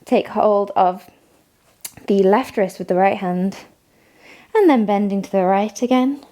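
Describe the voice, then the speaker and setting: A woman leading a morning yoga class, giving calm step-by-step cues and frequent praise. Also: mid-range voice, unhurried. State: has the hiccups. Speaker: yoga instructor. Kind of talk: guided yoga class instruction.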